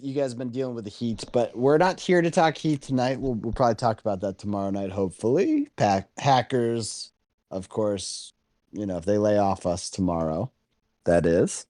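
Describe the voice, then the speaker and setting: A low-pitched man hosts a chatty podcast, his voice swinging up and down as he jokes and curses with his friends. The sound is dry and close to the mic. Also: moderate pace, no room sound. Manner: animated, joking, swears freely. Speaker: podcast host. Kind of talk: casual banter among friends.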